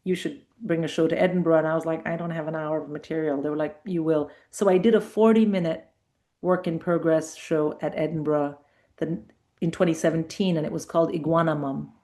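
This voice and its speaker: A woman's voice: sits low, fairly even intonation, brisk, dark tone. A middle-aged woman comedian telling anecdotes in a casual interview, acting out the voices of people she quotes. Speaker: comedian guest.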